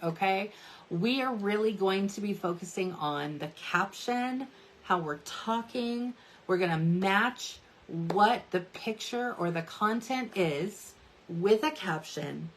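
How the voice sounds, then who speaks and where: A woman in her thirties giving a chatty social media tutorial, often checking in with "right?" and "okay?". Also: mid-range voice. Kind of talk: casual tutorial talk to camera.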